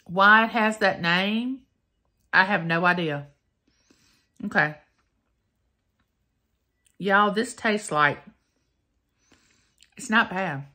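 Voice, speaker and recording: A woman's voice: medium pitch, pushed and bright. A woman, chatting folksily to her viewers in a casual taste-test vlog. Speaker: vlogger.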